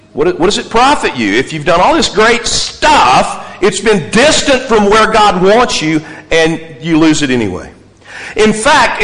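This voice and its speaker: A man preaching, his voice a little high for a man and carried by the long reverb of a big hall. He tells stories with animation and hammers his points home in repeated, emphatic lists. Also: a bit bright. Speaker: pastor. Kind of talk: sermon.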